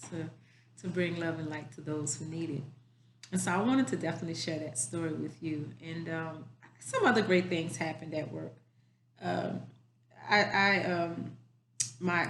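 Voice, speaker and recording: A woman educator speaks in a casual, storytelling way, leaning on "you know" and "um" as she goes. Her voice sits a little low. The recording has a roomy echo around it. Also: a little hiss or hum. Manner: conversational storytelling with many fillers. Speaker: school educator. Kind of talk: casual spoken message.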